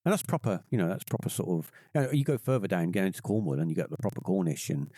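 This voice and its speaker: A man's voice: deep voice, very animated, fast talker, warm tone, no room sound, clean studio sound. A man from England with a West Country accent, guest on a podcast, chatting casually and rambling with many fillers and restarts. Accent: West Country English.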